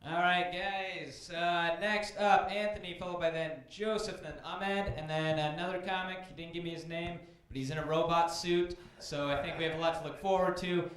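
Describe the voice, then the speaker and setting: A man's voice: high voice, fairly even intonation, normal speed, hardly any pauses, a bit bright. A man hosting an open mic night, casually introducing the next comics. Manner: casual announcing. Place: comedy club stage. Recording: very echoey club with faint noise.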